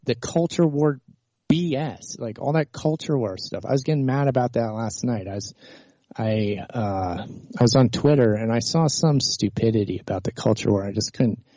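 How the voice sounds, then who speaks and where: Exasperated male livestream host, dark dull sound. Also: medium pitch, moderate pace, no room sound. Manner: exasperated, rants with many restarts. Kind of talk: heated political call-in argument, then rambling monologue.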